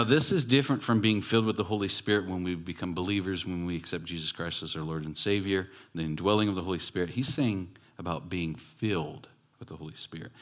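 Low-voiced pastor telling a story. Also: male voice, fairly bright tone. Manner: conversational storytelling, self-deprecating. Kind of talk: sermon.

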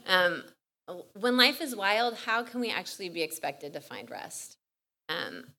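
Young woman, retreat speaker, casual storytelling sermon, bright clear tone, chatty with lots of "like". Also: on the low side. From California.

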